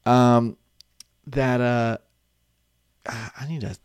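A young man talking casually to a webcam at his desk. He rambles and swears, with laughing asides. His voice sits at an average pitch, and the room sounds dry and close. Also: level tone, very slow, a little mellow, clear, resonant tone, no room sound. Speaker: vlogger. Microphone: desk webcam setup.

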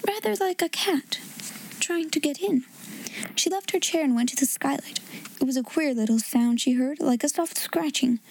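High-voiced woman reading a children's story. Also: rough recording. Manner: expressive, gently acted dialogue. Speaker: storyteller and host.

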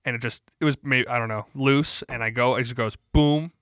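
A young man on a podcast with a mid-pitched voice, telling a story loosely and easily with plenty of fillers. The sound is close and dry. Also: brisk, clean tone, no echo. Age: young adult. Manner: relaxed, rambling storytelling with fillers. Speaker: podcast co-host. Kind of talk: casual chat.

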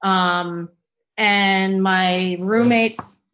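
A woman's voice: mid-range voice, steady tone, very slow, a bit bright. A woman with a Boston-area accent, a guest telling stories in a casual interview, rambling with many ums and likes.

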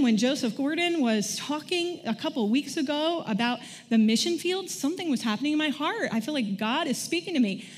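High-voiced woman preaching in a reverberant hall. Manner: conversational, asks the congregation questions. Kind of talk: sermon. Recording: long church hall reverb.

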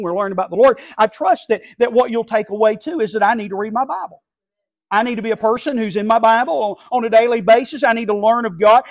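A man preaching an impassioned sermon from a church pulpit, swinging between hushed lines and shouting. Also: high-pitched. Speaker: pastor.

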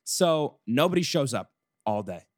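A man's voice: mid-range voice, measured pace, no echo, clean studio sound. Young man ranting on a podcast. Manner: animated storytelling, frequent swearing and restarts. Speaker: podcast host. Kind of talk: casual chat.

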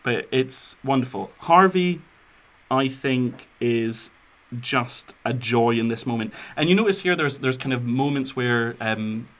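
A man's voice: mid-range voice, lively intonation, a little slow, a bit bright. A young man co-hosting a podcast, chatting about films in an enthusiastic, rambling way with plenty of fillers. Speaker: podcast co-host. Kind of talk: casual film chat.

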